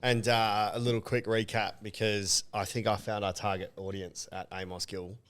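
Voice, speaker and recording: A man's voice: fairly low pitch, normal speed, smooth. A man co-hosting a podcast, telling stories in casual chat, swearing freely and acting out what others said. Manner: swearing, animated storytelling with acted quotes. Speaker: podcast co-host.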